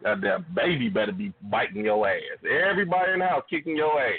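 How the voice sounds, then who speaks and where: A man hosting a radio show, telling stories in a casual, profane, animated way. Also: medium pitch, fast talker, husky, dry recording. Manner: animated, swearing, laughing loudly. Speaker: radio host. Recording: phone-like narrow band.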